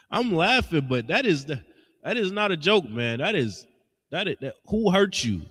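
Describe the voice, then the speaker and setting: Male preacher-teacher, animated swooping delivery, blunt and scolding, reverberant hall sound. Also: on the high side, moderate pace, breathy edge. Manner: blunt, scolding, emphatic with slangy asides. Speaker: religious teacher. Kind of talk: street-style preaching lesson.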